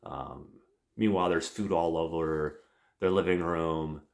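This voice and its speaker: A man's voice: low-pitched, steady tone, measured pace, creaky. A man, a podcast host, retelling a comic book plot in a rambling, casual way with lots of fillers and swearing. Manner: rambling, profane, many fillers.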